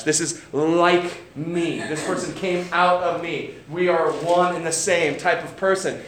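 A man's voice: fairly high pitch, steady tone, unhurried, few pauses, fairly bright tone. A young adult man preaching a sermon in a casual, conversational way, with joking asides and frequent checks of "right?". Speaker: pastor. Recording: roomy hall sound, faint background noise.

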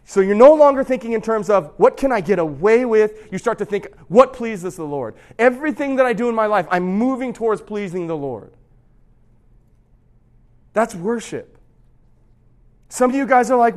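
A young adult man preaching a casual, conversational sermon, telling stories with swings between loud emphasis and hushed drama. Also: sits high, moderate pace. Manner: animated storytelling, drops to a hush for drama; conversational, addresses audience directly.

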